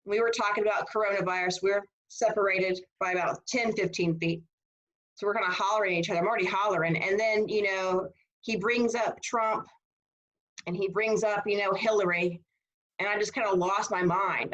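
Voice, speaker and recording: Woman lecturing on a video call, casual and animated, keeps asking "right?". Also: mid-range voice, a little fast, lo-fi sound. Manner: animated, conversational, asks rhetorical "right?". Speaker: history instructor.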